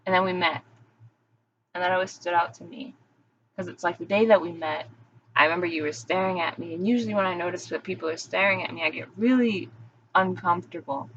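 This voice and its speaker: A woman's voice: on the low side, a little hiss or hum. A young adult woman talking candidly in a rambling, confessional vlog monologue, full of "like" and restarts. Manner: rambling, candid, heavy use of "like". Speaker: vlogger. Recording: dull lo-fi recording.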